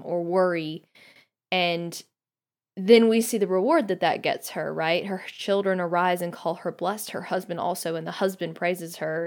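Thoughtful low-voiced woman podcaster. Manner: thoughtful, many ums, reads passages aloud. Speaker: guest podcast host. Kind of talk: podcast book discussion.

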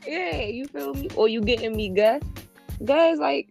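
A woman's voice: fairly high pitch, lively intonation, unhurried, gravelly, darkish tone, soft background music. A woman in her twenties from Washington, D.C. with a D.C. accent, a podcast guest chatting casually in a laid-back, slangy way and laughing often. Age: 20s.

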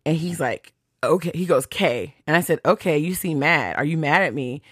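Speaking at a moderate pace in a low voice with a breathy edge, a woman podcaster chats through a story, quoting text messages and swearing freely. Her retelling is animated, captured in a dry, clean studio recording.

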